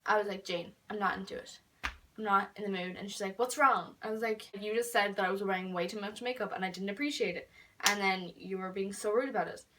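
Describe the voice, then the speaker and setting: A teenage girl telling a story in a casual vlog, chatty and full of fillers, dropping to whispers and then bursting out loud. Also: medium pitch, recorded from a distance. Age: teens. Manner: chatty, filler-heavy, swings between whispered asides and loud outbursts. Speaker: vlogger.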